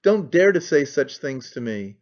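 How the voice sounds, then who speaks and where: A man's voice: fairly high pitch, big pitch swings, a little slow, a little mellow. A man reading aloud who voices a sick young woman in labour, scornful and in pain, in a dull lo-fi recording. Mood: angry, anguished. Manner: scornful and imperious.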